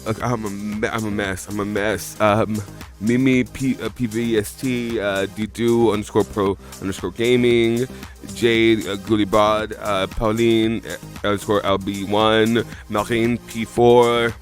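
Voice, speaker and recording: On a live watch-along reaction stream with faint music behind him, a man speaks in a lowish voice with fairly even intonation and a measured pace. He's teary and emotional after crying, rambling as he reads off his followers' names.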